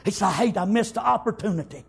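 A man preaching a testimony with fervent, folksy storytelling. His voice sits very high for a man and has a husky edge. He punctuates nearly every thought with "amen" and swells into shouted praise. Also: lively intonation, quick pace. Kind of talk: testimony sermon.

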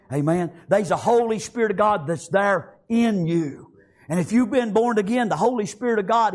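A man preaching a sermon, rising to shouts and dropping to quiet, punctuating with "amen". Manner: swings from shouted high peaks to low quiet passages, frequent "amen".

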